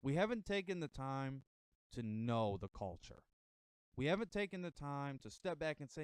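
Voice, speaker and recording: A man's voice: mid-range voice, big pitch swings, moderate pace, clean tone, dry recording. An American man giving a casual motivational monologue to camera, emphatic and a bit rambling. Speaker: vlogger giving motivational talk.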